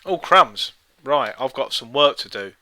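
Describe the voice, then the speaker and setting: A man's voice: medium pitch, animated, unhurried, sharp tone. A man co-hosting a live stream, trading playful, giggly banter. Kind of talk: casual chat.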